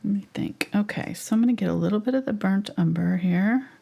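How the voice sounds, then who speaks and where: A woman teaching a live painting tutorial, chatty and thinking aloud as she works, sometimes dropping to a soft near-whisper. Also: mid-range voice, brisk, creaky. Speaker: painting instructor.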